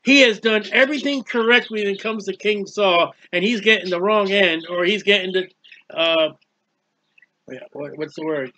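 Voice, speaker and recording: A man's voice: high voice, moderate pace, pushed and bright, slight background noise. A man giving a conversational Bible teaching, emphatic and acting out quoted prayers and speeches.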